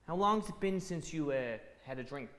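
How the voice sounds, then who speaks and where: A man's voice: fairly high pitch, lively intonation, normal speed, fairly bright tone. An actor playing a chatty, brash cab driver who teases his passenger, in a stage play reading. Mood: teasing. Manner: brash, teasing. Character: wisecracking male New York cab driver, nosy and chatty. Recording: reverberant theatre recording.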